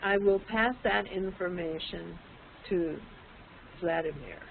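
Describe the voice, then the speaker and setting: A woman's voice: lowish voice, slow pace, creaky, noisy background. A woman teaching an online English class, explaining patiently and putting questions to her students. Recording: tinny lo-fi online call audio.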